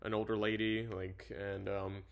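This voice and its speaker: A man's voice: lowish voice, level tone, measured pace, creaky. A man reading a novel aloud and commenting on it casually, rambling and often correcting himself. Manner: rambling, full of fillers and self-corrections. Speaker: reader and commentator.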